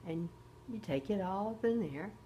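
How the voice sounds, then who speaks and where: A woman's voice: medium pitch, expressive, moderate pace, warm tone, muffled recording, a little hiss or hum. An older woman hosting a casual makeup tutorial, chatty and often checking in with her viewers. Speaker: host.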